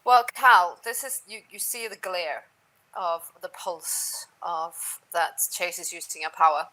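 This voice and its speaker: A woman runs a tabletop game, setting each scene for her players. Her voice is bright and sits a little low. She often sinks to a hushed, near-whispered delivery. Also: a little slow, low-quality recording. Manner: laughs often, drops to soft near-whisper in narration. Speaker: game master.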